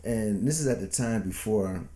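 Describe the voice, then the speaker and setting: A man's voice: fairly low pitch, normal speed, dark tone. A man in his fifties, a podcast co-host telling a story in a laid-back, chuckling way. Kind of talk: casual storytelling chat.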